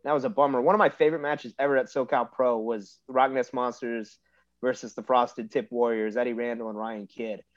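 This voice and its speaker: A man in casual podcast chat, telling relaxed stories with lots of fillers as a guest. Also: mid-range voice, fairly quick, no room sound, dull audio. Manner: relaxed, laid-back storytelling with lots of fillers. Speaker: podcast guest, pro wrestler.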